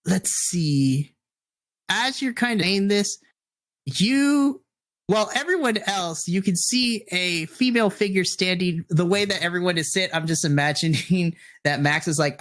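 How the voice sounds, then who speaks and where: A game master running a tabletop game, explaining rules and describing scenes, laughing often. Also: male voice, a little high, moderate pace, a bit bright.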